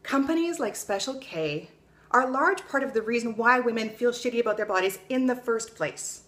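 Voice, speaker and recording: A woman's voice: a little high, lively intonation, normal speed, a bit bright. A young adult woman vlogging in a casual, blunt way, swearing freely and telling stories with energy. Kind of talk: casual opinion vlog.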